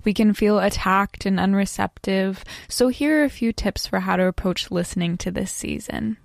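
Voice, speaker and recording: A woman calmly introducing a podcast season, gently guiding listeners to breathe and reflect. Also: mid-range voice, moderate pace, creaky, hardly any pauses, faint music behind.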